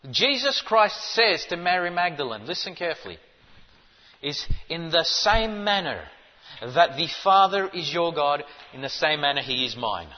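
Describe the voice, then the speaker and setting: Man, preacher, sermon, emphatic, rhetorical questions, somewhat high voice, long hall echo, muffled lo-fi sound. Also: very animated, normal speed.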